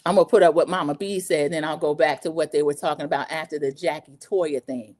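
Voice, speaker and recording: A woman hosting a casual reality show recap, chatty and lively, acting out the quotes she retells. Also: sits low, fast talker. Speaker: recap podcast host.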